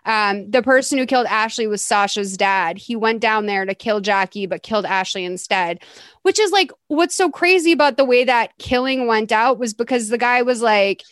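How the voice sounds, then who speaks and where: A young woman recaps a movie in casual, sarcastic chat, her voice a touch high. The sound is dry and close. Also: moderate pace, a bit bright, dry recording. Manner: chatty, sarcastic, laughing. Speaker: podcast host recapping a movie.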